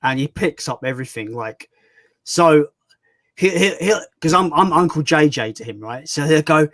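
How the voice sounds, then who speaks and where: A man hosting a casual livestream chat, talkative and quick to laugh. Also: a little high, animated, a bit bright, no echo. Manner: chatty, laughs often. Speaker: YouTube channel host.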